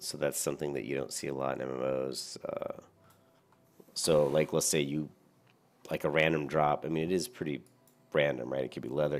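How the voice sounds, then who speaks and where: A man's voice: rumbling low, creaky. A very tired man rambling through casual gameplay commentary, with lots of fillers and restarts. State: very tired, yawning.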